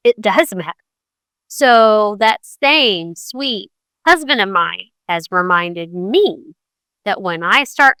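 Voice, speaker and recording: Middle-aged woman host, lively monologue, clear bright voice, dry mic. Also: dry recording. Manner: animated, acts out quoted tones with big pitch jumps. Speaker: podcast host. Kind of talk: conversational monologue on communication.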